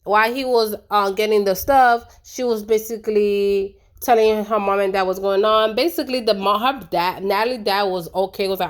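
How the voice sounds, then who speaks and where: A woman's voice: a little high, a little fast. A woman giving a casual, opinionated recap of a reality show, chatty and colloquial with lots of fillers.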